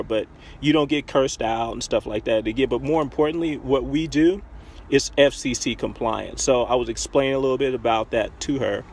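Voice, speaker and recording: A man's voice: mid-range voice, fairly quick, slight background noise. A man casually retelling a conversation, chatty with lots of fillers. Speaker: online marketing vlogger. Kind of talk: casual storytelling to camera.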